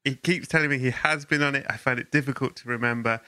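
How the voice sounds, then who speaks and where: Deadpan podcast host guy, super bright sharp voice, dry close sound. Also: mid-range voice, quick pace, dry recording. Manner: deadpan, mock-grandiose. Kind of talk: comic podcast chat.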